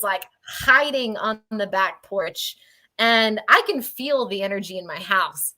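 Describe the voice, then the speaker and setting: Bright-voiced woman telling a lively story. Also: a little high. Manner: animated, chatty, laughs mid-sentence. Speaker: paranormal investigator on a panel. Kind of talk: casual storytelling.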